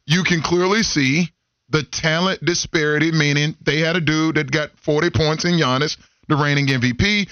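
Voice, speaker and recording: A man's voice: a little high, moderate pace, no room sound, muffled recording. Laid-back sports radio co-host, a man. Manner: relaxed, friendly, opinionated. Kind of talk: casual sports radio talk.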